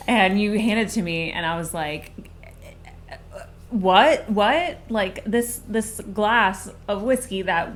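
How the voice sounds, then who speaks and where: A woman's voice: mid-range voice, a little slow, hardly any pauses, slight background noise. A woman co-hosting a casual drinks review, chatting in a bubbly way, full of "like". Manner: bubbly, talks with lots of "like". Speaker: co-host. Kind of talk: casual chat.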